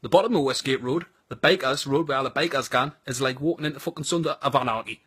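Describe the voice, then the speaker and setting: A man's voice: mid-range voice, fast, pushed and bright, slightly rough, no room sound, studio quality. A man with a Geordie accent giving a crude, blunt and sardonic comic monologue about his home city. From North East England.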